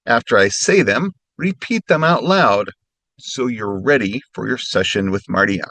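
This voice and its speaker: A man teaching a recorded language lesson, giving clear instructions and slowing right down when he models practice phrases. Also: mid-range voice, animated, bright, forceful tone, no echo.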